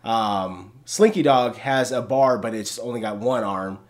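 A man's voice: medium pitch, lively intonation, measured pace. A man co-hosting a podcast, chatting in a laid-back way with hesitant uhs and ums. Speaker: podcast co-host. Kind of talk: casual chat.

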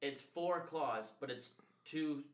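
A man's voice: on the high side, takes it slowly, fairly bright tone, reverberant, recorded from a distance. A man in his twenties co-hosting a podcast, swearing often and laughing through his casual stories. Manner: profane, laughing storytelling. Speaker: podcast co-host. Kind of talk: casual chat.

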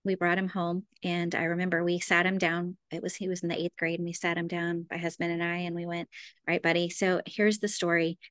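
A middle-aged woman educator, a guest in an interview, telling her story in a lively conversational way with fillers. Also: lowish voice, brisk, hardly any pauses, dry recording. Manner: animated, acts out quoted voices.

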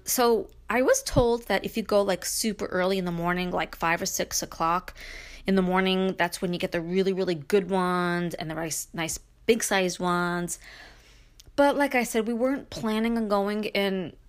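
A middle-aged woman hosting her own podcast, talking casually in a rambling, chatty way full of fillers and restarts. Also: on the low side. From Brooklyn, New York. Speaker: podcast host. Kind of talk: casual solo podcast monologue.

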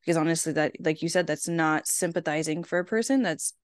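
A woman's voice: deep voice, brisk, dry recording, studio quality. A woman co-hosting a podcast, asking questions in a rambling, hesitant way with many fillers. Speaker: podcast co-host. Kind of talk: casual chat.

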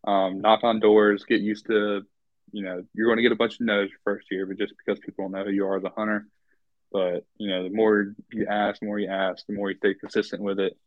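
A low-voiced man from North Carolina guests on a casual podcast interview. He talks in an easygoing, hesitant way with many fillers. His audio sounds dull and lo-fi in a dry, dead space. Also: flat delivery, a little fast, no echo.

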